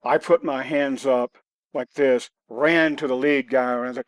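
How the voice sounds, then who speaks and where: A man's voice: mid-range voice, fairly even intonation, measured pace, dry recording. A man guest on a podcast, telling self-defense stories in a blunt, matter-of-fact way. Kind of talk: conversational podcast storytelling.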